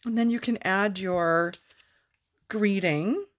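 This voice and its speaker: A middle-aged woman chatting casually as she demonstrates a papercraft project, self-deprecating and quick to laugh. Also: low-pitched, animated. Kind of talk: casual craft tutorial.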